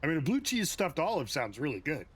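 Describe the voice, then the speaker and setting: A man's voice: on the high side, sing-song, quick pace, fairly bright tone, husky. A man from the United States, a game streamer casually chatting and reacting to his viewers' comments with chuckles and asides. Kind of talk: casual chat with live viewers.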